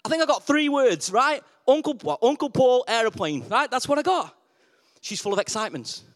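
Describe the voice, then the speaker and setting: A man preaching a lively sermon, asking the congregation questions and repeating his key words for emphasis. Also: extremely high pitch, brisk. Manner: call-and-response questions, emphatic repetition.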